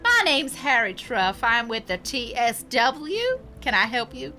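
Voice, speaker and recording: Woman voicing a stiff male harbor guard for a game: officious, slow, bright-toned. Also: on the high side, sing-song, soft background music, full character voice.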